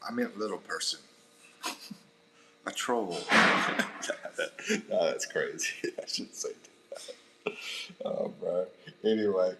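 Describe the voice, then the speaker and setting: An American man hosts a relaxed livestream in a low voice, joking with his viewers and reading their comments aloud. He laughs often and calls everyone bro. A faint hum of the room sits underneath. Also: slow, pauses often. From United States. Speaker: livestream host. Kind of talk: casual live chat reading viewer comments.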